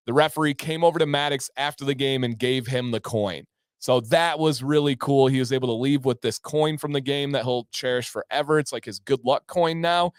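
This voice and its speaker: Upbeat male livestream host, smooth voice. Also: mid-range voice, no echo, studio quality. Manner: enthusiastic, reads out viewer names. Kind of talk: casual livestream chat.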